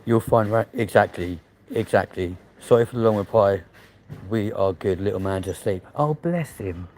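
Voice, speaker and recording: A young man with a lowish voice, cursing freely and muttering to himself as he films on his phone. He talks from a car and then from inside a large supermarket, with clear vehicle and shop noise around him. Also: moderate pace, darkish tone. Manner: blunt and sweary, mumbling asides. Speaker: vlog presenter. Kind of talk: casual vlog banter. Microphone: handheld phone while filming.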